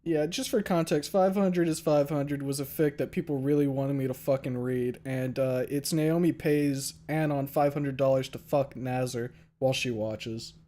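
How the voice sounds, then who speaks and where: A male streamer hosting a relaxed chat with friends. He talks in an animated, rambling way, peppering his sentences with swearing. His voice sits in an ordinary middle range. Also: mid-range voice, normal speed, hardly any pauses. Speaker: streamer and host. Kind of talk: casual chat.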